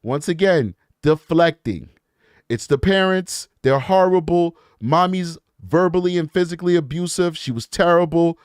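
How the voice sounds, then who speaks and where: A man's voice: a little high, normal speed, smooth, no echo, studio quality. A man hosting a true crime show, reading emails aloud and breaking off into blunt, scornful commentary aimed at his viewers. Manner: blunt, emphatic, scornful asides; talks straight to his viewers.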